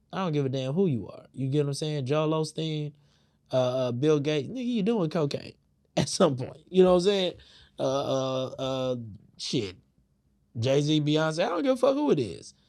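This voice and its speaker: A man's voice: a little high, expressive, normal speed, darkish tone. A man hosting a podcast, giving heated, profane commentary with lots of fillers. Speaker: podcast host. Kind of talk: casual opinion commentary.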